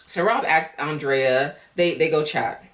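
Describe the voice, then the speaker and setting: Sassy woman recap vlogger, lowish voice, slightly off-mic. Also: a little slow, far from the mic. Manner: blunt, sassy, sarcastic. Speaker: reality show recap vlogger. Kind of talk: casual recap commentary. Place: home.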